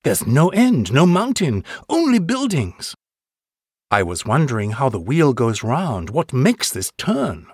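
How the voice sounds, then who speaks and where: A man's voice: medium pitch, wildly swooping pitch, a little slow, husky, no room sound, studio quality, heavily acted. A man reading as an awed, earnest tribal chief. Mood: wondering.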